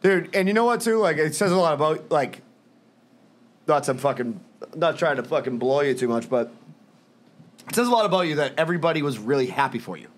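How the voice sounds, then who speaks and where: A man's voice: fairly high pitch, animated, fairly quick, long pauses, slight background noise. A man hosting a podcast, talking casually and enthusiastically with plenty of swearing, including loose sponsor plugs. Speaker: podcast host. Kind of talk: casual chat.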